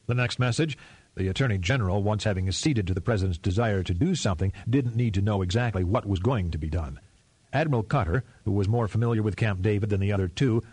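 Male audiobook narrator, low husky voice, steady measured delivery, dry close recording. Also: no echo. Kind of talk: scripted narration.

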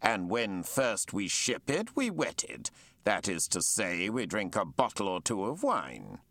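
A man's voice: lowish voice, huge pitch swings, measured pace, a bit bright, no echo, exaggerated voice. A man voicing a genial male naval captain with hearty, old-fashioned courtesy. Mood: cheerful.

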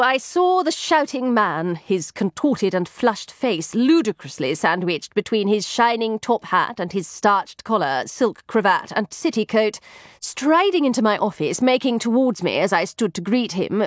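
A woman's voice: mid-range voice, dry recording, studio quality. Wry woman narrating an audiobook. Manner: arch, wry and prim. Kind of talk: scripted first-person narration.

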